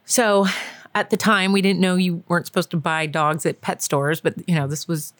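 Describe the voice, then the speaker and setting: A woman in her forties co-hosting a podcast, telling a story in a chatty, animated way with frequent laughter. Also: fairly low pitch, moderate pace, no echo. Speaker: podcast co-host. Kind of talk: casual storytelling chat.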